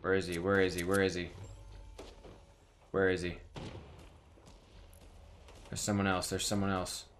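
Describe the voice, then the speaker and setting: A man's voice: sits low, a little slow, a little hiss or hum. A man commentating his own gameplay casually, mocking himself and yelping when things go wrong. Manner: self-mocking, excitable yelps. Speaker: gaming streamer.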